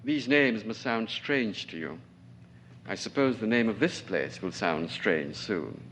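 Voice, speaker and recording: A man's voice: on the low side, animated, unhurried, a bit bright, slight background noise. A man voicing a domineering, sarcastic older colonel who taunts his staff. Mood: reminiscing. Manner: cutting, taunting.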